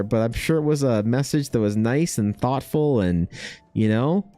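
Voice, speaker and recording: A man's voice: mid-range voice, expressive, unhurried, warm tone, soft background music. A man streaming while he draws, chatting in a rambling, profane, self-mocking way. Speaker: art streamer. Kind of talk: casual chat while drawing.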